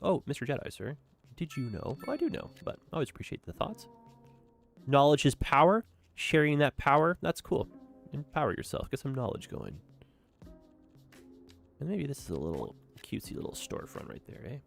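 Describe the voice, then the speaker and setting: A young man talks through a city-building game in an easygoing, upbeat stream commentary, often ending his thoughts with "eh". His voice sits low with a gravelly edge but bounces around a lot in pitch. Faint music plays behind him. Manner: chatty, upbeat, tag questions with "eh". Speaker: gaming streamer. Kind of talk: casual let's-play commentary.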